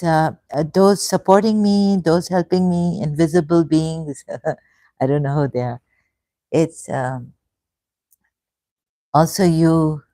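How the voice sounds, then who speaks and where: A woman in her fifties hosting a casual livestream, halting and hesitant, full of restarts and effusive thanks. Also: low voice, warm tone, dry recording. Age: 50s. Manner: emotional, effusively grateful. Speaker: livestream host. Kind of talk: casual livestream chat reading comments.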